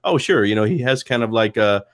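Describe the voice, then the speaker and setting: Low-voiced man in casual chat. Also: expressive, fairly quick, no echo, clean studio sound. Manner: rambling, storytelling with put-on quotes. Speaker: guest, comics creator.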